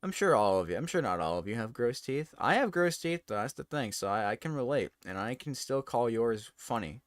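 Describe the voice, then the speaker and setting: A man's voice: mid-range voice, expressive, a little fast, no echo. Man, streamer, casual chat, giggly, self-mocking, dry sound. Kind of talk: casual live-stream chat while editing photos.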